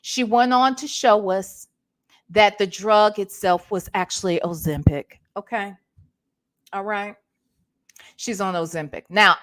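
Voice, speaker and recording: A woman vlogger doing animated gossip commentary, repeating herself and talking back to her live chat. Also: medium pitch.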